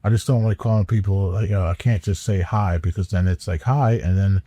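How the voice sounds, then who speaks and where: Laid-back, low, dark-voiced man. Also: steady tone, brisk, dry recording. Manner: laid-back, drawls, stammers and repeats words. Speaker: podcast co-host. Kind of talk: casual storytelling chat.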